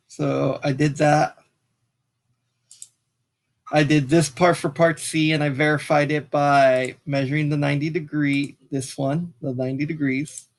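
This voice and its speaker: Casual man talking through a math tutorial. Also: on the high side. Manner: casual, talks while clicking, apologizes for slips. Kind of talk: screen-recorded software tutorial.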